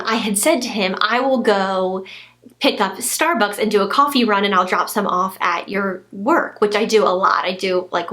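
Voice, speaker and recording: A woman in her twenties telling a personal story to camera as a vlogger, gushing and animated, with many fillers and restarts. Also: mid-range voice. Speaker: lifestyle vlogger.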